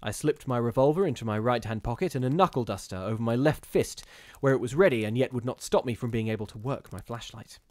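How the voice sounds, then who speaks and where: A man reading a gothic ghost story aloud in a measured, steady storytelling manner with occasional brief restarts. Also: medium pitch, no room sound. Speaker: reader of ghost stories.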